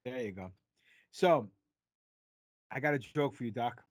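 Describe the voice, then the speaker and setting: A man's voice: medium pitch, a little slow, no echo. A man hosting a casual podcast, rambling and telling jokes with plenty of fillers. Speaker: podcast host.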